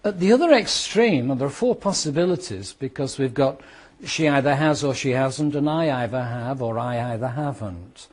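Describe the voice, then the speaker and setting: A British man teaching a law class to students, explaining with worked examples and repeating key points, sometimes speeding up and sometimes slowing down for emphasis. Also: medium pitch, lively intonation. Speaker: law lecturer. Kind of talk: classroom lecture.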